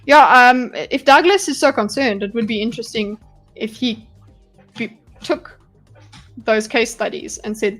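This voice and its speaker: A woman live-streams her breakdown of a debate, talking bluntly and animatedly and swearing freely. Her voice sits high. Faint music plays quietly underneath. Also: a little slow. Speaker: livestream host analysing a debate. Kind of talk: live reaction commentary.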